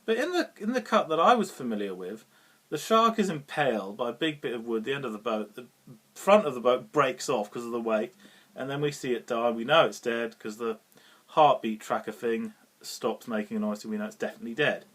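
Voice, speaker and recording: A man with a British accent talks through a film review off the cuff. He chuckles often, fills pauses with "um" and restarts his sentences. His pitch rises and falls in a lively way. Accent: British English. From Britain. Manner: rambling, chuckling often, with many fillers and restarts. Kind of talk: casual unscripted film review.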